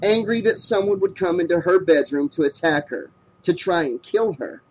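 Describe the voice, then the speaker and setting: A man narrating a horror novel in a steady, measured reading voice. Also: high-pitched, a little hiss or hum. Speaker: audiobook narrator. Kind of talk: scripted narration.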